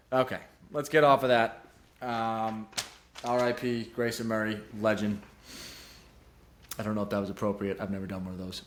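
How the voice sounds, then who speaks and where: A man's voice: fairly low pitch, flat delivery, normal speed, long pauses. A young man hosting his own golf betting show, rambling casually and joking at his own expense. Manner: rambling and self-deprecating, jumps between serious and goofy. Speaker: podcast host giving golf betting picks. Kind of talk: casual solo commentary.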